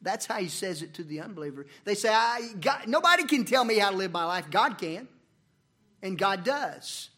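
High-voiced preacher. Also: male voice, sing-song, normal speed. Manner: preaching with sharp swings from loud emphasis to near-murmurs. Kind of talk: sermon. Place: church.

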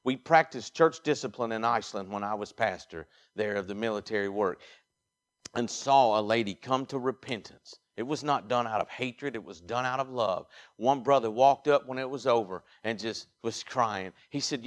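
Mississippi preacher delivering an emphatic sermon. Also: male voice, mid-range voice, normal speed. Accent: Southern US, Mississippi. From Mississippi, USA. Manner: emphatic preaching, swinging from quiet asides to loud exhortation. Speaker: pastor.

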